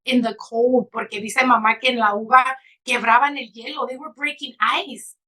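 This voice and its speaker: Bright-voiced, earnest woman author. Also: fairly high pitch, fairly even intonation, moderate pace, low-quality recording. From California, United States. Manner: emotional, earnest storytelling, slipping into Spanish phrases. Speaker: author and guest. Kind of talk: heartfelt interview answer.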